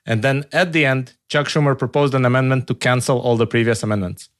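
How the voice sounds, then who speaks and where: A man hosting an interview podcast, speaking in a measured, curious way. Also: mid-range voice, steady tone. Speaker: podcast host. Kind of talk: casual interview talk.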